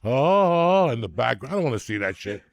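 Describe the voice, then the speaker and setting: Lo-fi sound carries a medium-pitched, gravelly man speaking at normal speed. In his 60s and hosting a podcast, he tells rambling, profane comic stories with animated flair, a storytelling comedy rant.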